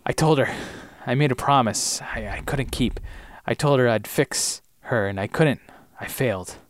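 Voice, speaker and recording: A man's voice: medium pitch, moderate pace, dry recording, natural voice. A man reading a brooding young doctor. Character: troubled young male doctor, guarded and grim. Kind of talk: read-through of a TV scene.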